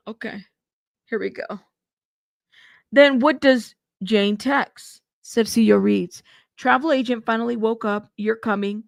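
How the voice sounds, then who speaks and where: Slow, gravelly woman commenting live. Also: on the high side, dry recording, clean studio sound. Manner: laughing, reacting and reading aloud slowly. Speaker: host reading trial updates.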